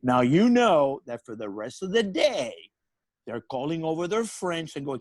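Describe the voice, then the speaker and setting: Animated man telling a story. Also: a little high, normal speed, dry recording. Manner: animated storyteller, laughing through his own punchlines. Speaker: comedy podcast co-host. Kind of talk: storytelling on a comedy podcast.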